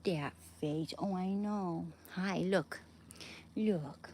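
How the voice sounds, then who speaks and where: A woman livestreaming from her kitchen at home, cooing and whispering softly to her dog and chatting loosely with viewers. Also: fairly low pitch, extremely slow. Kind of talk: casual livestream chat. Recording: clear steady background noise.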